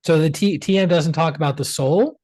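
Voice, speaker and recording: A man's voice: fairly high pitch, brisk, no echo. Dry-voiced man telling his story. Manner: animated storyteller acting out past dialogue. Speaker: guest. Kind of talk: casual storytelling interview.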